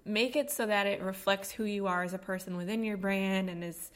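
A woman's voice: medium pitch, fairly even intonation, a little fast. A woman co-hosting a casual podcast, chatting loosely with lots of fillers and a morning voice. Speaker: podcast co-host. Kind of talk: casual chat. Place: home studio at a kitchen table.

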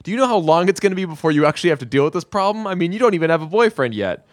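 Man putting on a sarcastic young guy, pitched well up, close and dry. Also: big pitch swings, racing, dry recording. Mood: exasperated.

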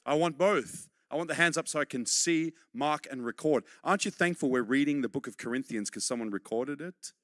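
A middle-aged man preaching a sermon, urging and repeating points for emphasis, then dropping to quiet, close tones. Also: medium pitch, a little fast, few pauses, no room sound.

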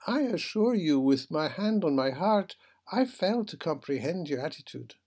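A man doing a gentle philosopher ship captain. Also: a little high, very animated, normal speed, slightly rough, exaggerated voice. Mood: lecturing. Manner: gentle, reasoning, lofty. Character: genteel philosophical male ship captain, calm.

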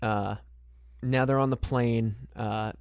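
A man with a mid-range, darkish voice speaks slowly with fairly even intonation, recorded in studio quality with no echo. As a podcast co-host, he casually recaps a film scene by scene in a rambling way, frequently restarting his sentences.

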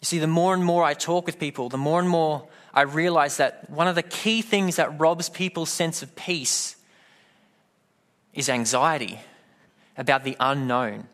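Casting: male pastor, slightly high voice, storytelling sermon delivery. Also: a little slow, fairly bright tone. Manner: storytelling, acts out quoted voices.

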